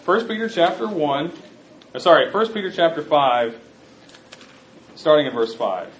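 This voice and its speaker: Animated preacher with a roomy sound. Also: male voice, fairly high pitch, a little slow, slight background noise. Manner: conversational, addresses the congregation directly. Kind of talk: sermon. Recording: roomy, slightly muffled recording.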